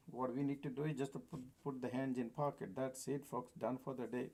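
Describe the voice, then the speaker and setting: A man's voice: medium pitch, unhurried, mellow. A man hosting a live stock trading stream, chatting casually to viewers as folks and laughing often. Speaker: stock trading livestream host. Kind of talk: live market commentary. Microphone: desk mic, at times sitting far from it.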